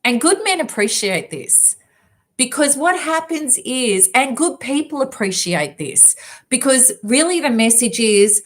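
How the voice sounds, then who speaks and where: Lively woman with a high voice. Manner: lively, emphatic, quick asides. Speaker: self-help speaker. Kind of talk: storytelling talk to an audience.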